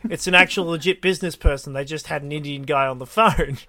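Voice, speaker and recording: In this dry-free, echoless clip, a man with a fairly high voice talks quickly while co-hosting a casual podcast. His bright voice rambles through stories, and he keeps restarting his sentences.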